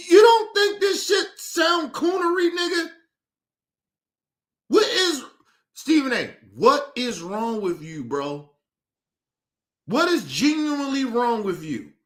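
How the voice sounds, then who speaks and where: A man's voice: very high voice, fairly bright tone. A man streaming his reaction to a clip, ranting in incredulous, profane commentary.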